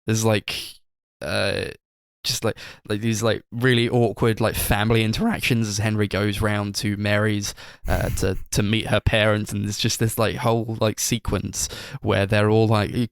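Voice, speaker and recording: A man's voice: on the low side, little pitch movement, normal speed, clear, resonant tone, no room sound, clean studio sound. A man co-hosting a casual film review podcast, rambling with lots of fillers and giggling as he retells scenes. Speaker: podcast co-host.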